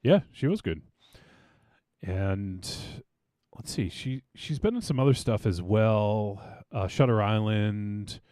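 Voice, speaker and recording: A man's voice: fairly low pitch, lively intonation, slow pace, warm tone, no echo, studio quality. A man hosting a podcast, chatting casually about a film and rambling with many fillers and restarts. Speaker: podcast host.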